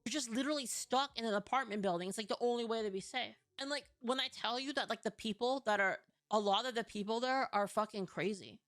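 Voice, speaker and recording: A woman's voice: fairly high pitch, fast talker, few pauses, fairly bright tone, dry recording. A young woman from California telling a story in a casual vlog, ranting, full of fillers and swearing. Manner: profane, filler-heavy, ranting.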